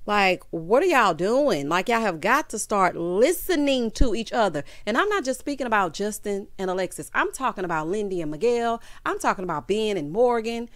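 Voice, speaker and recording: A woman hosting a casual reality TV recap, sassy and animated, calling her listeners honey and child. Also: mid-range voice, no room sound, clean studio sound.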